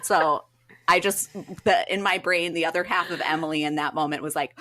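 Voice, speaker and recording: A woman co-hosting a podcast, telling stories in an animated, self-deprecating way. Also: low-pitched, brisk, no room sound. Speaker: podcast co-host. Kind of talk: casual podcast chat.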